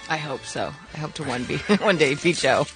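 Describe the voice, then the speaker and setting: A woman's voice: deep voice, expressive, moderate pace, over music, rough recording. A woman on a radio show giving casual, playful replies in studio banter.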